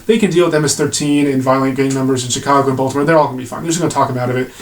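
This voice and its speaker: A man's voice: medium pitch, steady tone, racing. A man giving blunt, sarcastic commentary to camera, swearing freely as he rants. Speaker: video commentator.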